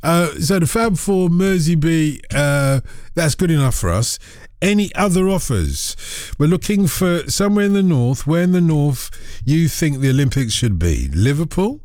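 Lively, playful male radio host. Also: fairly high pitch, normal speed, no room sound, studio quality. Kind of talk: casual phone-in chat. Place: radio studio.

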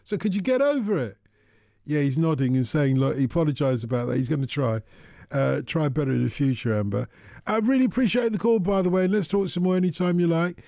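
A man's voice: a little high, fast talker, gravelly, warm tone, no room sound. A man hosting a late-night radio phone-in, chatting in a rambling, teasing way into a studio microphone.

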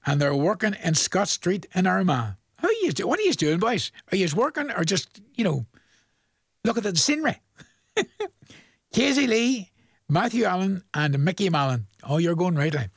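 An older Northern Irish man, a radio presenter, speaks in a high-sitting, sing-song, husky voice at a fairly quick pace. In a chatty, folksy way, he reads out listeners' greetings in casual shout-outs and chuckles often. The studio-quality recording has no echo.

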